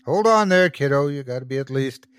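A man's voice: mid-range voice, animated, brisk, fairly bright tone, clean tone, no room sound, lightly acted. Man putting on a teasing carnival ticket taker, sinister, storybook.

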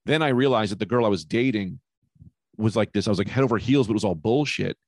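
A man chatting on a podcast, a loud, animated storyteller who swears freely. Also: on the low side, fast talker, no room sound. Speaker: podcast guest, comedian. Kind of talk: casual chat.

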